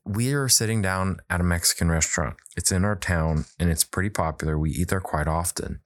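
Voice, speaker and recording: Man, children's book author, very deep voice, dry close sound, animated casual storytelling. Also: fairly quick, no room sound. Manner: animated, acts out quoted dialogue.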